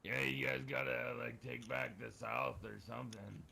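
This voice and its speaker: A man's voice: mid-range voice, steady tone, moderate pace, creaky, heavy background noise. A man streaming a game, chatting casually with other players, joking, teasing and swearing freely.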